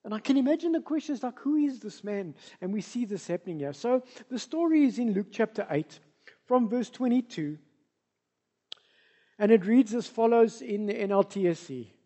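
A woman with a South African accent preaching a sermon, moving between soft asides and loud, emphatic passages. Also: a little high, animated, normal speed.

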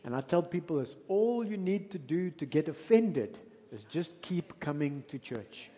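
A man's voice: a little high, very animated, unhurried, dark tone. A South African man, a pastor, preaching a sermon in a conversational way, with emphatic bursts as he tells a story. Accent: South African English. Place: church hall. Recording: long reverb of a church hall.

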